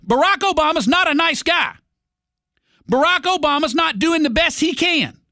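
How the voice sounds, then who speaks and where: A man's voice: extremely high pitch, expressive, moderate pace, pushed and bright, no echo, clean studio sound. A male talk radio host delivering an angry, sarcastic political rant.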